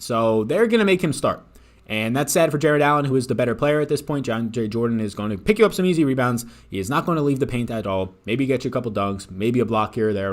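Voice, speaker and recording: Fast-talking man hosting a picks stream. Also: fairly high pitch. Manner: rapid, casual, swears freely. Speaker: fantasy sports picks host. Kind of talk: live-stream sports betting talk.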